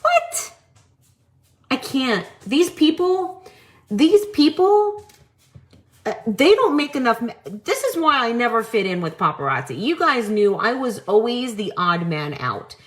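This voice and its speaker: A woman hosts a live-selling show and rants on her stream, swearing freely with mocking, exasperated disbelief. Her voice is fairly high, very animated and a bit bright, and she talks a little slowly.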